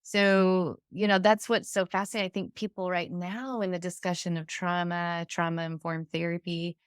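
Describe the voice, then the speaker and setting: A woman's voice: lowish voice, little pitch movement, normal speed, smooth, no echo, studio quality. A middle-aged woman hosting a podcast, explaining in an earnest, conversational way. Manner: earnest, explanatory, frequent "you know". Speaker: podcast host. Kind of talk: conversational interview.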